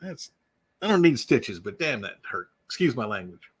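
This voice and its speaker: A man's voice: medium pitch, big pitch swings, moderate pace, husky. A man hosting an unscripted livestream, rambling and joking as he greets viewers by name. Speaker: YouTube livestream host. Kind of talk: casual unscripted live chat.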